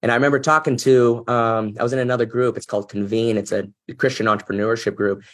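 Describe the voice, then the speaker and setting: A man with a medium-pitched, fairly bright voice talks fast in a steady tone. As a business executive guesting on an interview show, he tells a personal story sincerely and thoughtfully, occasionally becoming emotional.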